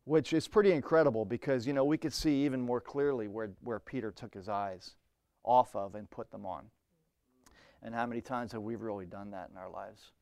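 A man's voice: medium pitch, brisk, darkish tone, dry recording, studio quality. Earnest, conversational male preacher. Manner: earnest, conversational, with frequent restarts and "you know". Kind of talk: sermon.

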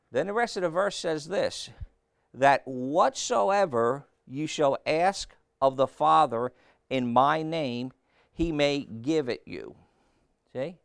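A man's voice: a little high, slow, creaky, long pauses, clear, resonant tone, no room sound, clean studio sound. A man preaching a sermon, reading scripture aloud and throwing questions back at the listeners.

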